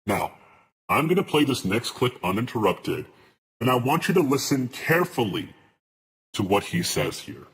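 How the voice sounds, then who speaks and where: A man streaming live reaction commentary, arguing his points deliberately and restarting mid-word. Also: medium pitch, big pitch swings.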